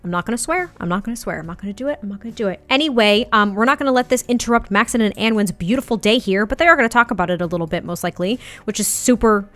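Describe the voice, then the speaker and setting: A woman doing let's play commentary on a life-sim game, animated and dramatic in her reactions. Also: mid-range voice, very fast, hardly any pauses, no echo, soft background music. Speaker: gaming YouTuber.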